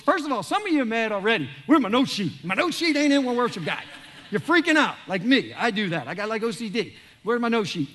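A man, a pastor giving a joking, animated sermon in a large church. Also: high voice. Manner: animated, joking, acts out quoted voices.

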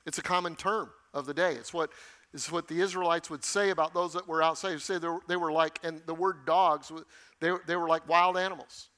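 A man preaching from the pulpit, his voice sitting high for a man and ringing bright. He leans hard on key phrases and repeats them for emphasis, in the measured, emphatic way of a seasoned pastor. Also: steady tone. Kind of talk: sermon.

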